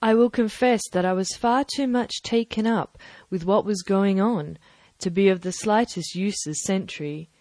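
A woman narrating a classic adventure novel aloud, measured and even. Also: mid-range voice, no room sound. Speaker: audiobook narrator. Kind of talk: scripted narration.

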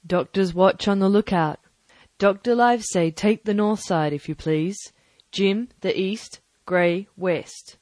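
A woman doing a stern, curt ship's captain with a clipped, commanding manner. The audiobook voice is brisk and no-nonsense. It is recorded dry and close. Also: medium pitch, darkish tone, no room sound, lightly acted. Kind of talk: audiobook character voice.

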